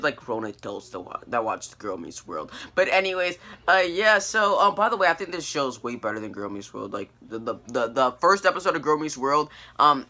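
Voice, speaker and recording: A teenage boy talks through an episode recap in a loose, rambling way, tripping over restarts and fillers. His voice is very bright and sits a little high for a guy. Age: teens. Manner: rambling, many fillers and restarts, animated quoting. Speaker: TV review vlogger. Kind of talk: casual recap and review.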